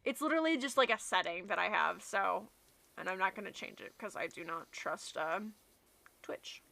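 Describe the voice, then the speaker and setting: A woman's voice: medium pitch, lively intonation, normal speed, vocal fry, bright, forceful tone. A young woman streaming and chatting casually with her viewers, reading chat aloud and laughing easily.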